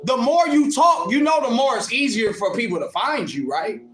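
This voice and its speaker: A man's voice: very high voice, animated, moderate pace, fairly bright tone, reverberant, soft background music. A man hosting a livestream, taunting and mocking a commenter in a combative rant. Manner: taunting, mocking, combative, laughs at his critic. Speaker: livestream host answering commenters. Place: in Ohio.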